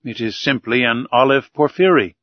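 A man's voice: medium pitch, normal speed, no room sound, close to an everyday voice. A man voicing an earnest, devoted young manservant who respectfully calls his master sir. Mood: surprised. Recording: dull, dry recording.

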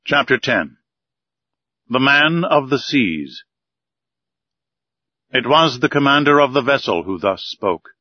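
Measured male audiobook narrator. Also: medium pitch, highs cut off. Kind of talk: scripted narration of a classic novel.

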